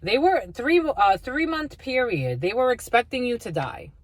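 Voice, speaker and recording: A woman's voice: a little high, big pitch swings, moderate pace, no room sound. A woman giving a spiritual tarot reading to her viewers, blunt and profane, laughing often and calling her listeners "my lovies.". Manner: laughs often between remarks. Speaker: tarot reader.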